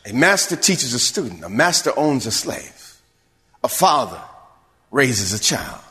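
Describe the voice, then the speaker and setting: A man's voice: mid-range voice, sing-song, unhurried, bright, forceful tone. A man, a pastor, preaching a sermon to his church, building to emphatic calls and asking the congregation if they hear him. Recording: long reverb of a large hall.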